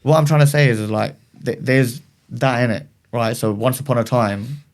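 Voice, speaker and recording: A man from Slough with a mid-range voice talks in a relaxed, slangy way on a podcast. He muses over his points and draws them out without hurrying. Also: medium pitch. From Slough, England. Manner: laid-back, slangy, drawn-out musing. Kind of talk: casual podcast chat.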